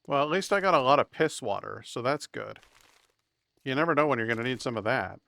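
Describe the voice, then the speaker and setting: A man's voice: medium pitch, lively intonation, brisk, gravelly, bright, forceful tone, no room sound. A man casually commentating his own survival game stream, wry and chatty, talking to himself as he plays.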